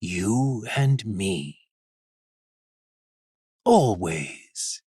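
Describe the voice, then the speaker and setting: A man voicing a gentle, fatherly android inventor who speaks softly and tenderly. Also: mid-range voice, wildly swooping pitch, slow pace, vocal fry, breathy edge, no room sound, studio quality, heavily acted. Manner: soft, tender.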